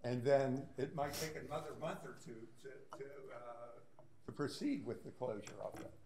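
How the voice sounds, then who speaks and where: A man speaking as a resident at a public meeting, insistent and halting, with many fillers. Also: mid-range voice, noisy background. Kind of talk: heated public comment.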